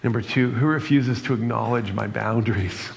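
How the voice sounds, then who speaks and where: Gravelly-voiced male pastor preaching. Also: medium pitch, normal speed. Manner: earnest, reflective preaching with brief humor. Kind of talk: sermon. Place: church sanctuary. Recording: church hall reverb, faint noise.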